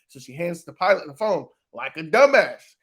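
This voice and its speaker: A man's voice: a little high, very animated, normal speed, fairly bright tone. A man casually recapping a TV episode for his channel, loose and profane, with lots of fillers. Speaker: reaction video host.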